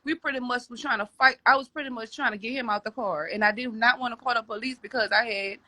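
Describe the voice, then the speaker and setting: A woman's voice: fairly high pitch, fast talker, sharp tone, no echo. A woman telling a personal story as a podcast guest, rambling with many restarts and repeated words.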